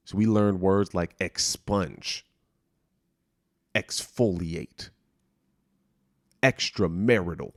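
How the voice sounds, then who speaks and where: A man's voice: low-pitched, very slow, long pauses, no echo, studio quality. A young man talking in a casual solo podcast from his apartment, rambling and self-deprecating, swearing freely and restarting his sentences. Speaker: podcast host. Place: small apartment room.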